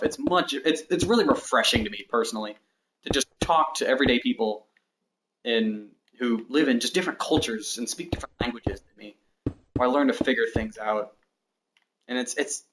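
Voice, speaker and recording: This streamer talks fairly quickly at medium pitch, chatting casually with his audience as he builds in a game. His commentary wanders and pokes fun at himself, he counts blocks out loud, and the noisy background carries constant clicking from his mouse and keyboard.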